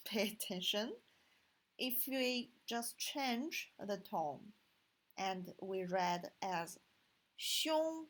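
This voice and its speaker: A woman whose first language is Chinese teaches pronunciation at a very slow, deliberate pace. She repeats each sound one by one and stretches the tones. Her voice is husky and breathy. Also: on the high side, a bit bright.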